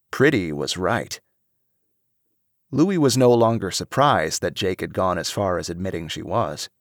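Low-voiced man reading a story expressively. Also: no room sound, clean studio sound. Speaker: narrator.

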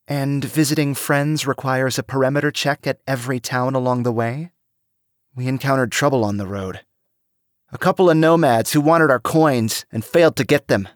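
A man reading aloud and voicing a young woman who speaks softly yet haughtily. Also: medium pitch, steady tone, moderate pace, no echo, studio quality, pitched above the performer's own voice, close to an everyday voice. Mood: haughty.

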